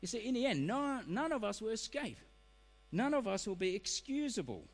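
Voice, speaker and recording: A middle-aged man preaching a sermon, animated and acting out excuses in quoted voices. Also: high-pitched, normal speed. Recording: reverberant hall.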